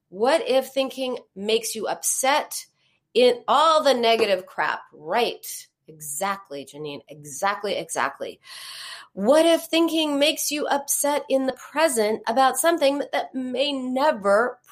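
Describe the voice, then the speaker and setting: A woman's voice: high voice, animated, slow. Woman giving a reassuring live-stream talk. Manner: conversational, reassuring, with fillers and repetitions. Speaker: support group leader on emotional eating. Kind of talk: live-streamed talk answering viewer comments.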